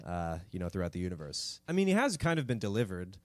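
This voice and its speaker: A man's voice: sits low, big pitch swings, fast, no echo. Jokey man on a dry podcast mic. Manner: jokey, swears, slips into silly quoted voices. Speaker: podcast co-host. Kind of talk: casual comedic history chat.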